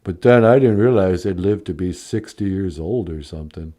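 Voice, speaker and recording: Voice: sits low, moderate pace, mellow. A performer doing a mumbling tough-guy impression of a washed-up male movie star, drawling. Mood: boastful.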